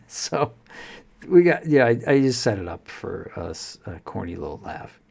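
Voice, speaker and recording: A man who runs tabletop games, explaining in a rambling, halting way with plenty of fillers. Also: sits low, big pitch swings, vocal fry, darkish tone, husky. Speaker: dungeon master. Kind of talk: casual explanatory talk.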